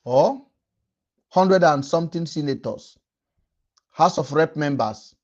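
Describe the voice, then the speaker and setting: A man's voice: high-pitched, a little mellow, muffled recording. A young man with a Nigerian Pidgin English accent hosting a livestream rant, emphatic and repeating lines for effect. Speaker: livestream host.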